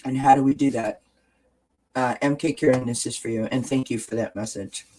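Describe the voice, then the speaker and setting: A man's voice: mid-range voice, fairly even intonation, a little fast, darkish tone, low-quality recording. Earnest man giving encouraging advice. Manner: earnest and encouraging, repeats phrases. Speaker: host. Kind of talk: casual wellness chat to viewers.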